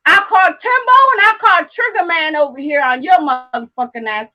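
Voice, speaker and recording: A woman's voice: high-pitched, fairly quick, highs cut off, very noisy. A woman hosting her own live stream, talking casually to viewers and ranting heatedly at one of them, swearing a lot and repeating herself for emphasis.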